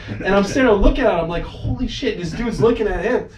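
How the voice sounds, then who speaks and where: High-pitched and quick, this male co-host keeps a casual podcast chat lively with animated stories, acted-out quotes, and free swearing. The audio is echoey, with a distant mic and faint hiss.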